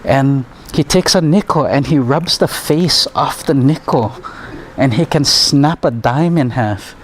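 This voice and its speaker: A man's voice: mid-range voice, a little slow, slight background noise. A man, a martial arts teacher and healer, telling stories in a rambling, chuckling way full of fillers. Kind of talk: conversational storytelling.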